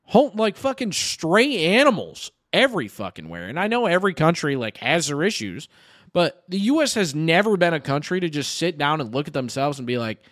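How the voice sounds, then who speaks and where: A mid-twenties man co-hosting a casual podcast, his voice sitting a little high for a man. He rambles, swears freely and restarts his words as he thinks aloud. The sound is dry and close, with no room around it. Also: very animated, brisk, fairly bright tone, no echo. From United States. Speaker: podcast co-host.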